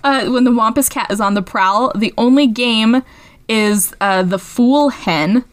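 A young adult woman co-hosting a podcast in casual chat, an animated storyteller who giggles often and swears freely. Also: a little high, a little slow. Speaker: podcast co-host.

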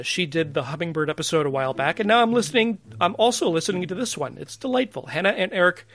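A man's voice: on the high side, fairly bright tone. A man hosting a podcast in a chatty, playful way, often laughing. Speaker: podcast host. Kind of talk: casual podcast chat.

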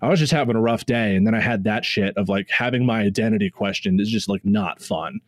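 A young man co-hosting a podcast, talking casually in animated bursts full of "like". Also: on the low side, dry recording, studio quality. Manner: animated, quick bursts with frequent "like" fillers. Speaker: podcast co-host. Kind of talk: casual chat.

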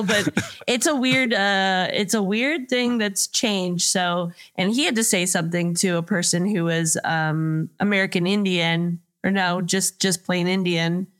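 A woman's voice: fairly low pitch, a bit bright. A woman guest who teaches improv classes, explaining her view thoughtfully in casual chat.

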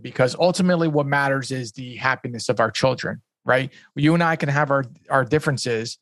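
A man with a mid-range voice hosting a podcast conversation. He reflects aloud on what his guest said, pausing and restarting as he works his way toward his point. The sound is close and dry. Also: medium pitch, a bit bright, no echo. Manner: thoughtful, reflective, hesitant restarts. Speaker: podcast host.

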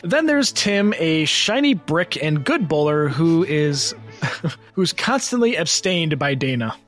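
A man's voice: fairly high pitch, very animated, slow, fairly bright tone, soft background music. A man reading a silly plot summary aloud to friends, often breaking into laughter as he goes. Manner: reads with rising giggles, breaks into laughter.

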